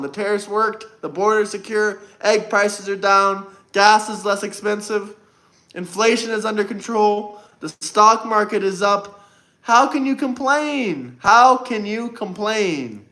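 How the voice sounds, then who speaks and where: High, bright-voiced combative man. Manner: combative, boastful, repeats phrases for emphasis. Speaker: livestream host. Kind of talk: political livestream debate talk.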